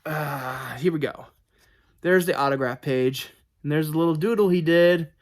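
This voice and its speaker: A man's voice: on the high side, moderate pace. A young man chatting casually to camera about his book mail, rambling and correcting himself with lots of fillers. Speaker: book collector showing book mail.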